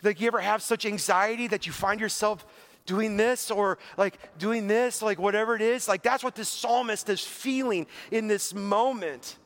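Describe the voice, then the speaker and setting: Man, preaching, high-pitched voice, casual and earnest, lots of "like". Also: moderate pace. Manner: conversational, earnest, heavy use of "like"; voice drops low and soft toward the end. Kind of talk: sermon.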